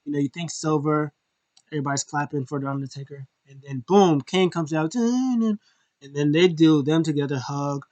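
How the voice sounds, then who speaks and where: A man giving a casual, rambling show review, breaking into exaggerated high-pitched reaction voices. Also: normal speed, a little mellow, no echo, muffled recording. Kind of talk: casual recap and opinion.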